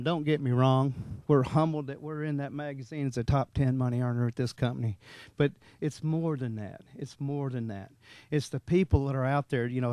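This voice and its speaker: A middle-aged man, telling a rambling, animated story to a meeting and laughing now and then. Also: mid-range voice, no room sound. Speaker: motivational speaker at a sales meeting. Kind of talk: folksy storytelling talk to a room. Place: meeting room.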